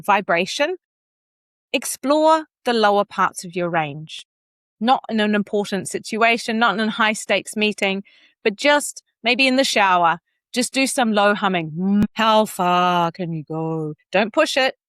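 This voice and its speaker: Animated woman vocal coach, dry sound. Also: dry recording. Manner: animated, demonstrates pitch and phrases aloud, laughs often. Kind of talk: conversational coaching advice.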